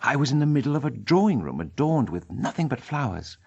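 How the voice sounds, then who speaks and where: Husky man reading a story aloud. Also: no echo, dull audio. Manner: measured dramatic reading with lively pitch. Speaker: audiobook narrator. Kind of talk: scripted narration.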